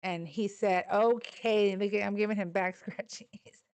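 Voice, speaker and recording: A woman's voice: mid-range voice, fairly even intonation, moderate pace, smooth. A woman hosting a livestream in casual chat, rambling and laughing often, swearing casually and cooing baby talk at her dogs. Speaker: livestream host.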